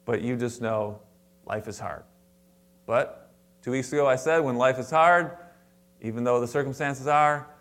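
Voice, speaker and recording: Male pastor, mid-pitched, conversational sermon with emphatic bursts and asides. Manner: conversational preaching with frequent restarts and asides; animated, stressing words with sudden louder higher bursts. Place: church sanctuary before a congregation.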